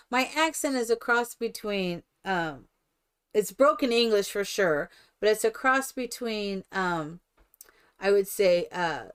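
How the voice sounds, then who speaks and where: Older woman streamer, chatty and smooth-voiced. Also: medium pitch. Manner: chatty, rambling storyteller, animated and laughing. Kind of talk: casual chat while playing a life-simulation game.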